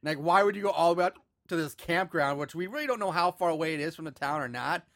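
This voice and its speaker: A man's voice: a little high, lively intonation, quick pace, fairly bright tone, no echo, studio quality. A man co-hosting a podcast, recapping a movie plot with sarcastic asides. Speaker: podcast co-host.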